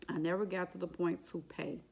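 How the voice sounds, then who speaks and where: A woman's voice: fairly low pitch, flat delivery, a little fast, gravelly, a little mellow. A woman vlogger telling an emotional, faith-filled personal story in a casual, repetitive way. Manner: exclaims and laughs while retelling. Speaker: vlogger sharing her exam story.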